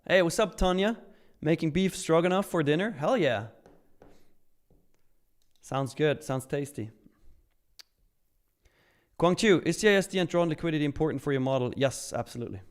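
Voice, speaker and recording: A man from Switzerland reads chat aloud on his live trading stream, upbeat and talkative and hyped whenever milestones hit. He has a fairly high, animated voice at normal speed and pauses often.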